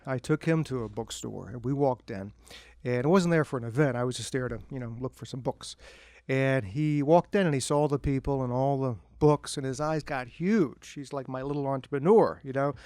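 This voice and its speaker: A middle-aged man, an author, telling self-deprecating anecdotes to an audience at a bookstore event in a relaxed, humorous way. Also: medium pitch, moderate pace, no room sound, clean studio sound. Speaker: author speaking at a book event. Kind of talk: humorous storytelling talk to an audience.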